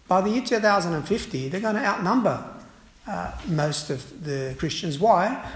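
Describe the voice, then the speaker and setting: A man who is a priest, preaching a sermon forcefully, with frequent "uh" fillers and restarts. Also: sits high. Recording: echoey room.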